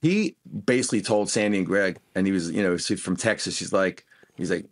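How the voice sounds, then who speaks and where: Low-voiced man telling road stories. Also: a little fast. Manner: animated anecdotes, acts out quoted voices. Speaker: guest guitarist. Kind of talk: casual interview storytelling.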